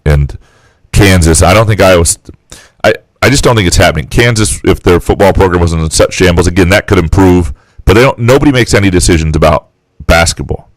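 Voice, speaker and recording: Deep-voiced man, opinionated podcast co-host. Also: dry recording, low-quality recording. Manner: brisk, opinionated, thinking aloud. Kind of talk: casual sports chat.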